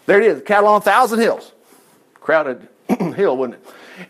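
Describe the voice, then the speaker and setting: A man's voice: high voice, fairly quick. A man leading an informal Bible study, folksy and chuckling as he talks. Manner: folksy, animated, chuckles often. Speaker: Bible teacher.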